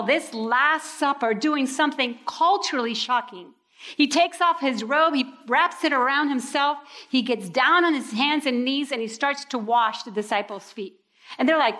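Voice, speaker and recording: A woman preaching a sermon in an animated way, acting out people's reactions with sudden leaps in her voice. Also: high-pitched.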